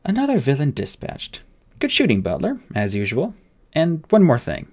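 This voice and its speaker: A man's voice: fairly high pitch, wildly swooping pitch, moderate pace, a little mellow, voice pushed up, exaggerated voice. A man voicing a formal, precise teenage boy genius who speaks in clipped sentences. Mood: dry, formal.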